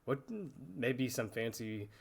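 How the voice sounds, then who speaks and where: Man, game master narration, relaxed, improvised, descriptive. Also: mid-range voice, slow pace. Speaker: dungeon master.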